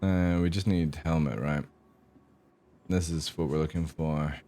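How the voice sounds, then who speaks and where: A man's voice: very deep voice, steady tone, unhurried, mellow. A man livestreaming a game, chatting casually with viewers in a crude, joking, rambling way. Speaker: gaming streamer. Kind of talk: casual live-stream chat.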